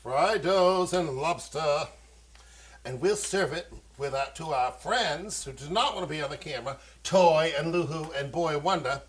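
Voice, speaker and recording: With a fairly high pitch and an unhurried delivery, a Maine-accented man runs a home cooking show from his kitchen. Speaking fussily to children in this playful demonstration, he bursts out with old-fashioned exclamations.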